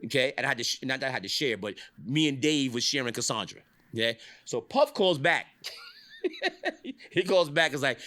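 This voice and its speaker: Animated man telling a raucous story. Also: moderate pace. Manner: animated, swearing, acts out quotes with big pitch jumps, laughs often. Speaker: podcast host telling industry stories. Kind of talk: casual storytelling chat.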